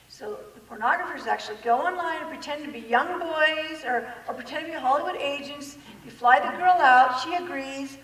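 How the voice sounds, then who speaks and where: High woman speaker, lively and laughing, miked from far off in a big hall. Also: moderate pace, few pauses, a little hiss or hum. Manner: lively, laughing, quotes people in acted voices. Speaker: speaker giving a talk. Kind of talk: animated public talk.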